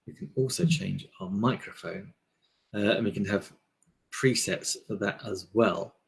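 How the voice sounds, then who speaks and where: A man's voice: lowish voice, unhurried, vocal fry, husky. A man hosting a casual live stream, rambling through products with lots of fillers into a desk microphone. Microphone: desk microphone on a table stand.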